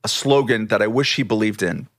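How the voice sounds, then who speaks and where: A man who guests on a political talk show, measured and argumentative, building long points. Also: lowish voice, fairly bright tone. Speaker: podcast guest. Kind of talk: casual political chat.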